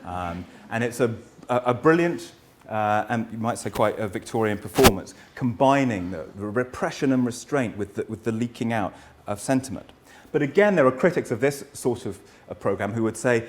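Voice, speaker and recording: A middle-aged man giving an academic lecture as a historian, earnest and thoughtful, posing rhetorical questions and often pausing to restart his sentences. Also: mid-range voice, animated. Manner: frequent hesitations and restarts.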